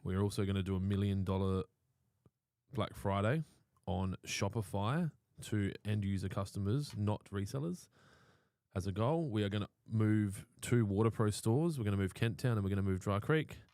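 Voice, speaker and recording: A man's voice: lowish voice, moderate pace, mellow, no echo. An Australian man co-hosting a casual talk show, brash and profane, speaking bluntly and cracking crude jokes. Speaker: podcast co-host.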